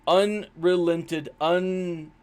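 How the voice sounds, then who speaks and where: A man's voice: sits high, fairly even intonation, very slow, a little mellow, clear, resonant tone. A man casually commenting on a mobile game during a live stream, rambling and self-deprecating, with lots of fillers. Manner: chatty, rambling, with many fillers.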